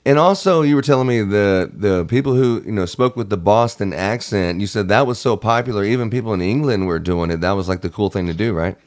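A man with a somewhat low voice hosts a relaxed podcast conversation. He prompts his guest with questions and laughs easily, with plenty of fillers. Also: brisk, hardly any pauses, no room sound, studio quality. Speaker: podcast host. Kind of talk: casual chat.

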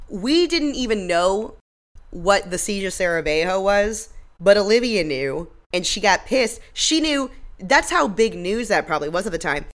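A woman's voice: medium pitch, normal speed. A woman co-hosting a podcast, recapping a TV episode in casual, blunt, profane chat. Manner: blunt, profane, animated retelling. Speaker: podcast co-host.

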